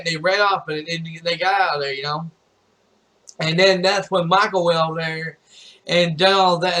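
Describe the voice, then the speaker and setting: Higher-voiced man rambling through a recap. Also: pushed and bright. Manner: rambling retelling full of repeats and "you know". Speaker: streamer reviewing a movie. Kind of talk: casual spoken movie recap.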